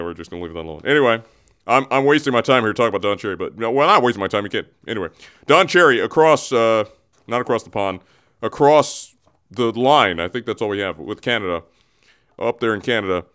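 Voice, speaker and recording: A man's voice: lowish voice, fairly bright tone, smooth. Rambling male sports radio host. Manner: loose, self-interrupting, digressive. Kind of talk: casual rambling sports talk. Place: radio studio.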